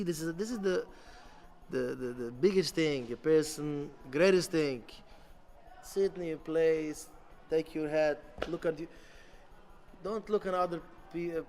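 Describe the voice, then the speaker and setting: A man, a rabbi giving an impassioned sermon, halting with many restarts. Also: a little high, fairly even intonation, a little hiss or hum. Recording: long hall reverb.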